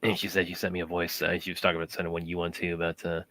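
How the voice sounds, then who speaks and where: A man co-hosting a casual stream chat, halting and often repeating his words. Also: deep voice, level tone, a bit bright. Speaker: co-host.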